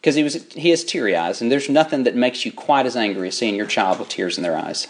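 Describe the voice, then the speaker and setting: A man preaching a sermon, shifting between folksy, chatty storytelling and drawn-out, rising emphasis on scripture. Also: mid-range voice, lively intonation. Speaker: pastor.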